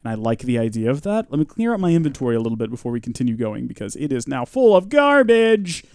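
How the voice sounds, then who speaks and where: A man's voice: medium pitch, sing-song, fast, darkish tone, dry recording, clean studio sound. A man giving chatty, joking live gameplay commentary and reading out viewer comments. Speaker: streamer.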